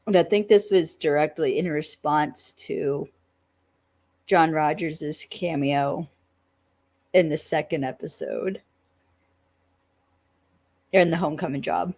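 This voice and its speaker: Southern woman, low unhurried voice, casual podcast co-host recapping a show. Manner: relaxed recap with fillers, laughs often. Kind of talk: casual chat about a TV show.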